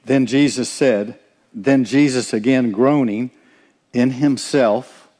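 A man's voice: medium pitch, takes it slowly, dark tone, in a large hall. A man preaching a sermon, earnest and direct, often turning to ask the listeners questions. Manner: earnest, asks the congregation questions.

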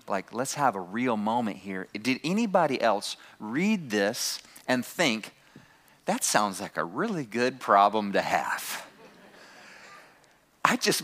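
A man's voice: mid-range voice, bright, forceful tone. A man preaching a sermon to his congregation, calling out key phrases and having the room repeat them. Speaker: pastor.

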